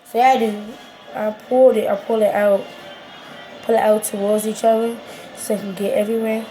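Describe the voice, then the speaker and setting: A woman's voice: mid-range voice, little pitch movement, moderate pace, dark tone, soft background music. A woman with a Washington DC accent, chatting casually as she talks viewers through a how-to video in a slangy, rambling way. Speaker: vlogger.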